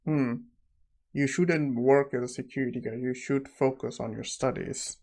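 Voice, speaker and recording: A man's voice: mid-range voice, steady tone, normal speed, a little mellow, close to an everyday voice. A man voicing a pushy middle-aged father who bargains over a deal.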